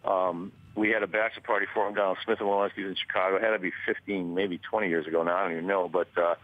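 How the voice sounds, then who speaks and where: Fast-talking man on the phone. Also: on the low side, narrow, tinny audio. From Boston. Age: middle-aged. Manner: rambling anecdotes with many fillers. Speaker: guest on the phone. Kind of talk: casual storytelling chat.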